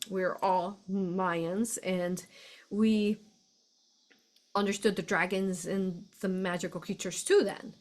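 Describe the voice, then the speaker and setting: A woman's voice: medium pitch, fairly even intonation, slow. Effusive woman hosting a spiritual live stream. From United States. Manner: chatty, effusive, laughs often, many fillers. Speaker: host of a spiritual live show. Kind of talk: casual live-stream talk.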